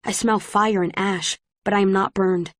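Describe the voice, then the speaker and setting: A woman reading a first-person story as an audiobook narrator, in a measured storytelling manner. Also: medium pitch, fairly even intonation, no room sound, clean studio sound. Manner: measured, present-tense storytelling.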